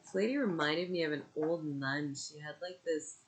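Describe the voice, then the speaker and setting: A woman's voice: deep voice, moderate pace. A young adult woman, a mother, venting casually in a personal vlog, frustrated and rambling with fillers. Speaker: vlogger and mother.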